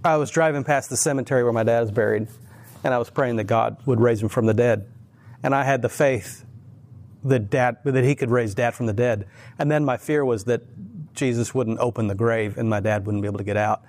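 A man with a voice of ordinary, middle pitch who teaches at church and tells faith stories in a relaxed conversation. He speaks earnestly and with animation. He often stumbles and restarts as his thoughts run ahead. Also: fairly quick. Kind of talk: casual faith conversation, storytelling.

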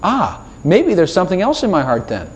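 A man preaching an informal sermon, chatty and animated, with playful asides and little laughs, acting out his own prayers to God as quoted dialogue. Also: sits high, fairly quick, slight background noise.

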